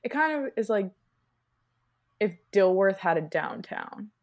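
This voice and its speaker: A woman's voice: medium pitch, sing-song, a little slow. A young woman co-hosting a podcast, talking casually in a laid-back, slangy, teasing way. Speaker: podcast co-host. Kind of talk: casual chat.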